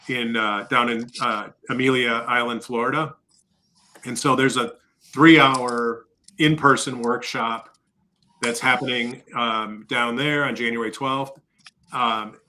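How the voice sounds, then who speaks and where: A man's voice: mid-range voice, bright, forceful tone, rough recording. A man who is a guest on a podcast, casually explaining details step by step in an upbeat way. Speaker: podcast guest, industry leader.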